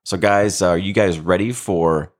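A man's voice: low-pitched, fairly even intonation, measured pace. A man co-hosting a casual podcast who laughs often and stumbles over his words. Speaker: podcast co-host.

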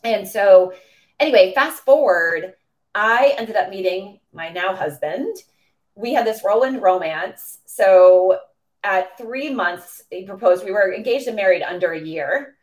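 A woman in her forties from the Boston area, a coach telling stories as a podcast guest in a gushing, excitable way with lots of fillers. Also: mid-range voice, a little slow. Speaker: interview guest, women's coach. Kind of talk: animated storytelling in a podcast interview.

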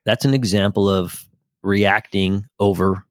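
A man's voice: fairly low pitch, unhurried, dry recording, studio quality. A man co-hosting a casual faith podcast, telling stories with acted-out quotes and easy laughter. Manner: animated storyteller, acts out quotes, laughs easily. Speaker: podcast co-host.

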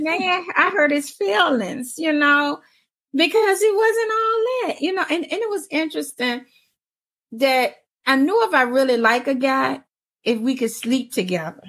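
Woman in her forties, gravelly voice, fairly high pitch, animated storyteller, laughs a lot. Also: a little slow. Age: 40s. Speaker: panelist. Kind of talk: casual chat.

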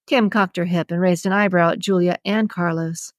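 A woman reading a romance novel aloud as audiobook narrator, in an even, measured storytelling manner. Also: lowish voice, no room sound, studio quality. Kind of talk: scripted narration.

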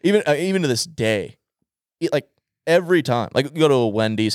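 A man's voice: medium pitch, lively intonation, brisk, a little mellow, dry recording, clean studio sound. A young man in casual podcast chat, rambling through a funny story, swearing and laughing often. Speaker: podcast co-host.

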